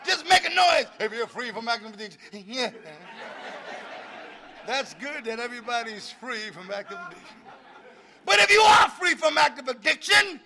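A man's voice: very high-pitched, big pitch swings, normal speed, creaky, sharp tone, some chatter behind, slight background noise. A middle-aged man giving a fiery preaching-style talk at a recovery meeting, exhorting the room and breaking into laughter.

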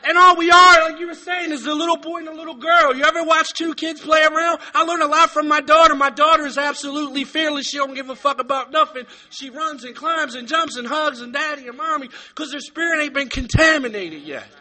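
A man speaking at a recovery meeting, giving a blunt, profane, fervent testimony that bursts into shouting. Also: extremely high pitch, fairly quick, few pauses. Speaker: recovering addict sharing at a meeting.

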